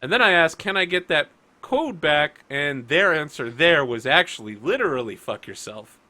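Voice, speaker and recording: Ranting, profane game master. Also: male voice, a little high, normal speed. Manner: ranting, profane, animated storytelling. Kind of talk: casual chat before a tabletop game.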